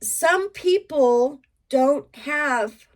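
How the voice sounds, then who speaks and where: A woman's voice: high voice, expressive, drawn-out words. A middle-aged woman chatting frankly to camera as a reseller, rambling and emotional with many asides. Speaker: reseller vlogger. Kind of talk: casual chat to camera.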